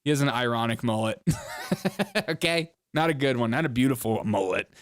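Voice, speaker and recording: A man in an average pitch range hosts a loose reaction show. He talks casually, teases the clips he is watching and breaks into laughter again and again. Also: a little fast. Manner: mocking, laughs often while talking. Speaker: host.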